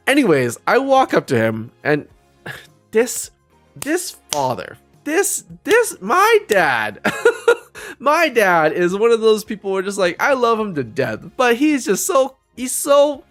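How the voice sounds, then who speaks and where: Lively rambling young man telling a story. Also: high-pitched, slow pace, faint music behind. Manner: rambling, self-interrupting, laughs often. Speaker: live streamer. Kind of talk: casual storytelling.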